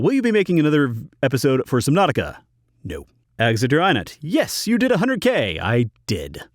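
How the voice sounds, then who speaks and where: A man's voice: mid-range voice, dry recording. Dry-humored man answering viewer questions. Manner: blunt, dry one-word answers. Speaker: YouTube channel host. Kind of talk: casual Q&A, reading viewer questions. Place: home recording booth. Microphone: studio microphone in a recording booth.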